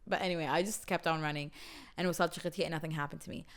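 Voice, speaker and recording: A woman's voice: sits low, steady tone, rapid-fire. Chatty young woman. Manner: chatty, mixes English with Gulf Arabic, laughs often. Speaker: podcast host. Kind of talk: casual storytelling.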